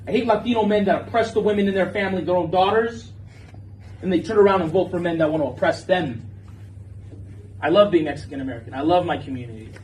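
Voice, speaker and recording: A man's voice: high-pitched, fast talker, a little mellow, distant mic, a little hiss or hum, rough recording. A man lecturing a class in an impassioned, preachy way, with frequent swearing. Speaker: teacher.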